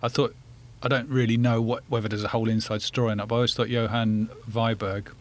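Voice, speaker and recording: A man's voice: mid-range voice, level tone, fast. A man speaking as a guest in a casual podcast discussion, hesitant and full of restarts. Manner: hesitant, many fillers and restarts.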